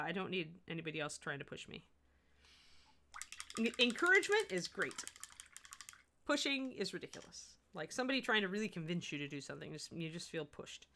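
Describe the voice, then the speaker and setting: Working on miniatures during a livestream tutorial, a Midwestern woman chats with her audience and responds to chat, sometimes restarting sentences. She speaks at a moderate pace in a mid-range, sing-song voice with a sharp tone.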